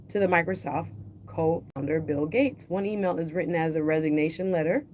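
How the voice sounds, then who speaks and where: A woman with a lowish voice hosts a livestream from a home setup. She reads news articles aloud, slowing down on the quoted parts, and breaks in with casual remarks of her own. A faint hiss runs under the recording. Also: darkish tone. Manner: reads quotes slowly and deliberately, adds casual asides. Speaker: livestream host.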